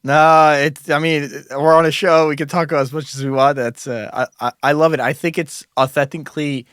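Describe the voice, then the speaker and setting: A man hosting a music podcast, asking a guest earnest, slightly halting questions. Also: fairly high pitch, fairly even intonation, a bit bright, smooth, no room sound, clean studio sound. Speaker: podcast host. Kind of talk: interview questions.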